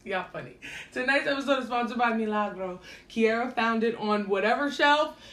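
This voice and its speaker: A woman's voice: on the high side, moderate pace, fairly bright tone. A woman co-hosting a casual podcast, chatting loosely and laughing often. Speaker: podcast co-host. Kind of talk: casual chat. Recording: echoey room with noise.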